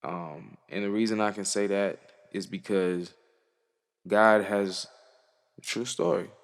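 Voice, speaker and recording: A young musician with a lowish voice speaks slowly in a big-room sound, vlogging an earnest monologue to camera. His reflective, casual talk is full of slang and profanity.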